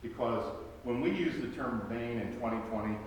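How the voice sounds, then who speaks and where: This pastor speaks in a mid-range voice at a moderate pace, preaching conversationally with wry humor and pointed rhetorical questions. He is in a church sanctuary, recorded from far away in a very echoey hall with a bit of background noise.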